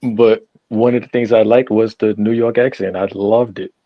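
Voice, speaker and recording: A husky-voiced man from New Orleans chats loosely on a relationship podcast, circling back and restarting his thoughts. The sound is dry and close, a little dull and lo-fi. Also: lowish voice, steady tone, moderate pace, no echo. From New Orleans, USA. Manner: rambling, restarts often. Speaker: podcast co-host. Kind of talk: casual chat.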